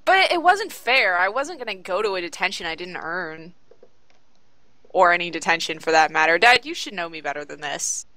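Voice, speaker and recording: A woman's voice: fairly low pitch, animated, brisk, pushed and bright, no echo. Woman playing a sulky teenage girl. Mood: sulky defiant. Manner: whiny, petulant.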